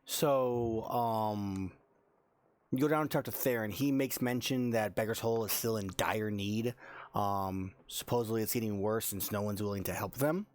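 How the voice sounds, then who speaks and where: A man running a tabletop role-playing game as dungeon master, narrating calmly with frequent pauses. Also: lowish voice. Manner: calm, measured, with frequent 'um's.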